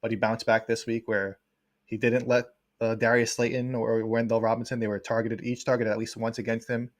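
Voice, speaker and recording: A man talking football at a quick clip, stringing his points together in long, breathless runs. He sounds like a regular on a casual sports podcast, working through his analysis out loud. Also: medium pitch, level tone. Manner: fast, analytical, talks in long run-on points. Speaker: co-host, football writer.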